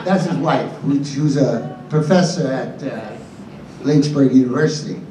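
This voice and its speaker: A man's voice: medium pitch, a little slow, a crowd in the background. A man in his seventies telling a rambling, chatty story as a guest on a convention panel, often restarting his sentences. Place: large convention hall. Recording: roomy hall, distant mic, faint hum.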